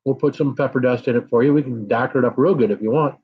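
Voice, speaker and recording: A middle-aged American man hosts a casual live stream, his medium-pitched, husky voice moving at a quick pace through a muffled recording. He chats with viewers while hot peppers burn his mouth, sighing and blowing out breaths against the chili heat.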